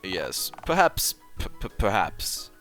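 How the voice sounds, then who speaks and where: Streamer doing a stuffy old gentleman, put-on British accent, lively swooping delivery. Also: low voice, slow, faint music behind, voice pushed down, heavily acted. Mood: pompous. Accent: attempted British. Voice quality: stuffy, formal, old-fashioned phrasing. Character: pompous aging gentleman theater owner, formal. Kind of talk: reading a game aloud on stream.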